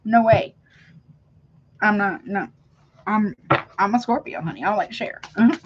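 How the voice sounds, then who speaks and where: A tarot reader gives a live reading, chatting casually with viewers, calling them honey and interrupting herself. Her mid-range voice is slightly rough at a moderate pace, and the sound is lo-fi.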